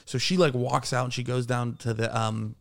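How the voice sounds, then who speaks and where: A man's voice: medium pitch, fairly even intonation, normal speed, vocal fry, fairly bright tone. A man in his thirties telling a long, rambling, profane story on a casual podcast, laughing along as he goes. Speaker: podcast co-host.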